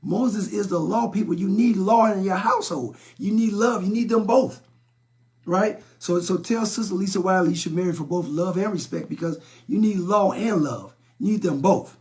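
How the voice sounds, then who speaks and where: A middle-aged man from Chicago's South Side hosts a live relationship talk stream, reading and answering viewer comments. His voice is fairly high for a man, gravelly and darkish, at a moderate pace. He's blunt and preachy, often repeating words and stumbling over them.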